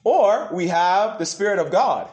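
Animated preacher man, lively high voice. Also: a little slow. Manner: animated, call-and-response with the congregation. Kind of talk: sermon. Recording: echoey room.

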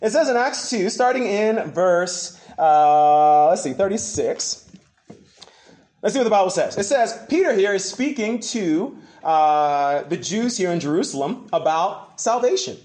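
A man preaching a sermon, asking questions back to his congregation in an animated way. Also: high voice, a little slow. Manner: animated, call-and-response with the congregation. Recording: echoey room.

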